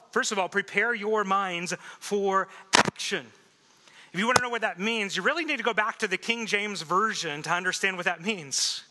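A man preaching a sermon as pastor, lively, asking the congregation questions and laughing often. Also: high voice. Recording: echoey hall reverb.

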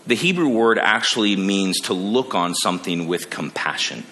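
A man's voice: deep voice, moderate pace. Preaching man in an echoing hall. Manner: animated, acts out characters in quotes. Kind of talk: sermon. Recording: long reverb of a large hall.

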